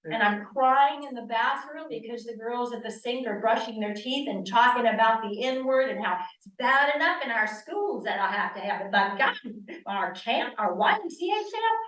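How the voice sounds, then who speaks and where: A woman in her sixties, from the northern United States, speaking as a guest speaker on yoga and telling personal stories in an animated way, acting out the dialogue she quotes. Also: fairly high pitch, moderate pace. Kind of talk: personal storytelling talk. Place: church hall. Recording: echoey room, distant mic.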